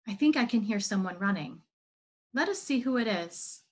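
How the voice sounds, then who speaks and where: A woman reading as a calm wise teacher. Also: medium pitch, normal speed, natural voice.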